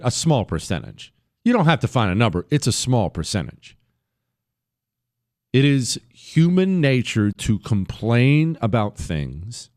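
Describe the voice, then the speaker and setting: Man, radio talk host, sarcastic monologue, lively swooping pitch, dry close sound. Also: dry recording. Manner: sarcastic, mocks people in put-on voices.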